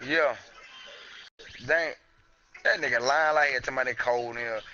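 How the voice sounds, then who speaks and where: A man streaming a console game from home, trash-talking his friends in loud, profane, boastful banter over a headset. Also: medium pitch, moderate pace, a little hiss or hum. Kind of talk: casual trash talk over game chat. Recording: muffled lo-fi stream audio.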